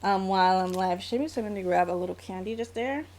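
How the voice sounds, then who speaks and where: A woman's voice: medium pitch, quick pace, darkish tone. A woman in her forties with an American accent, chatting casually on a live stream as a graphic novelist, with a scratchy throat and frequent fillers. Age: 40s.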